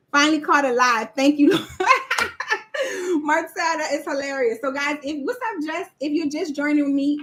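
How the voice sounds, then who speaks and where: High-voiced woman chatting on a livestream. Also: fairly bright tone. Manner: chatty, talks straight to viewers and reads their comments aloud. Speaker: livestream host and proposal coach. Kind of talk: casual livestream chat.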